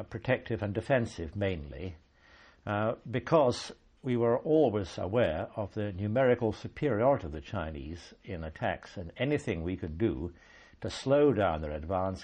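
An older man speaks in a husky, slightly low voice. He recalls his army days slowly and carefully, pausing often and restarting his sentences. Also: darkish tone. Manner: measured, halting, with frequent ums and restarts. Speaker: army veteran interviewee. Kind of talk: oral history recollection.

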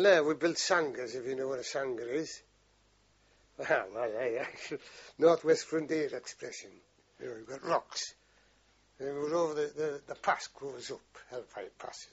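Older man, rambling and husky. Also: mid-range voice, moderate pace, muffled recording. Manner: rambling, salty storytelling with frequent swearing. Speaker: veteran interviewee. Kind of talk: oral history interview.

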